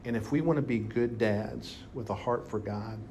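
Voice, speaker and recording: Animated preacher, faint room hum. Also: male voice, fairly low pitch, moderate pace. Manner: animated storytelling, bursts of emphasis. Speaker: pastor. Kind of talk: sermon. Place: church hall with congregation.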